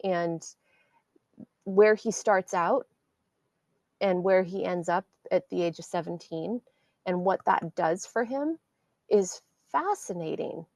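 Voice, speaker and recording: Lower-voiced woman hosting a podcast. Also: slow, pauses often, darkish tone, no echo. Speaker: podcast host. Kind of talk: casual interview talk.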